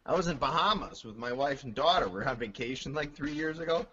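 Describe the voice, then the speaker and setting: A man's voice: mid-range voice, slightly rough. Laughing man with a dull lo-fi sound. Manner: animated storyteller, laughs often, halting restarts. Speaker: guest drum collector. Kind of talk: casual chat.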